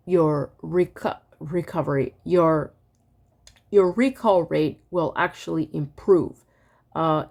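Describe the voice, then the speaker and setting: A woman teaching a music braille lesson in a relaxed, casual way, hesitant with many fillers and laughing at her own slips, reciting note names and dot numbers to a metronome. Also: lowish voice, vocal fry. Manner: recites counts in time with a metronome.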